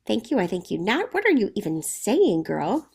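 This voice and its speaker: A woman's voice: medium pitch, very animated, moderate pace, creaky, darkish tone, breathy edge, exaggerated voice. A woman reading an angry ranting father. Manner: harsh, emphatic, name-calling. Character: stern angry father, older man, ranting.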